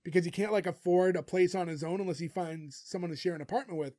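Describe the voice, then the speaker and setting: A man's voice: high voice, steady tone, fast talker, warm tone. A man co-hosting a podcast, recapping an episode in chatty casual talk full of fillers. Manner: chatty, full of "like" and "you know". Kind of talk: casual chat.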